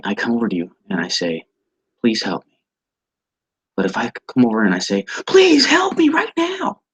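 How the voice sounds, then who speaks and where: A man teaching an online training class over a video call, halting and often repeating words as he restarts his sentences. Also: lowish voice, breathy edge, no room sound, low-quality recording. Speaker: instructor.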